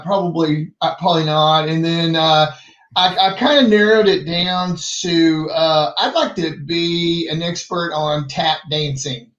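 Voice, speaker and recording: A man's voice: a little high, fairly bright tone. Casting note: hesitant, rambling male guest, dull echoey sound. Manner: rambling, hesitant, lots of fillers. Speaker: guest, RV channel creator. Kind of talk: casual chat.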